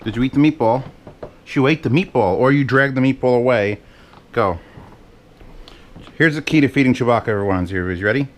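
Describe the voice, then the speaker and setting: A cooking vlogger chats casually while cooking in his home kitchen, rambling with profane, self-mocking asides. His voice is medium-pitched and brisk, with frequent pauses.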